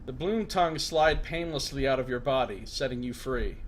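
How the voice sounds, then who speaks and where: While streaming a video game, a man with a mid-range voice reads the story text aloud at a moderate pace, then breaks off into excited asides. There's slight background noise.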